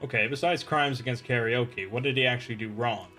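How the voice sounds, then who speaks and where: A man hosting a let's play, reading game text aloud and switching into gruff shouted character lines. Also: medium pitch, a little fast, soft background music.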